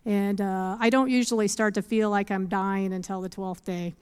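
A woman tells her faith testimony in an earnest, animated way, often breaking into small laughs. Her voice is smooth and clear, at a mid pitch. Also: moderate pace. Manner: earnest, animated storytelling with scripture quotes. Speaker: speaker giving a faith testimony. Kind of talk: testimony talk.

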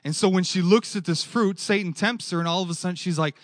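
A male preacher giving a lively sermon and keeping the audience engaged with questions. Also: sits high, fast, few pauses, dry recording, clean studio sound. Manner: animated, asks the audience questions.

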